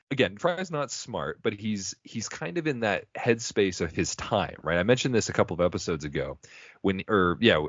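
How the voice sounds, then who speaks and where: A man with a very low voice talks casually as a podcast co-host. He rambles, laughs often and drops into silly quoted voices. The sound is dry and a little dull, like a lo-fi recording. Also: no echo. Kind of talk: casual chat.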